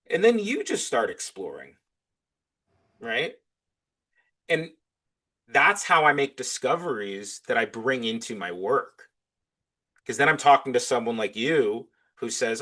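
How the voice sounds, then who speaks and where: A man's voice: medium pitch, animated, a little slow, pauses often, sharp tone. A man talking as a podcast guest in casual interview chat. He is enthusiastic and acts out both sides of his back-and-forth conversations.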